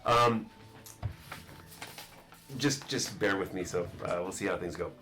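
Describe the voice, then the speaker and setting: A man's voice: low-pitched, measured pace, pushed and bright, soft background music. A man in his thirties running a tabletop game as game master, rambling and correcting himself often, with frequent chuckles.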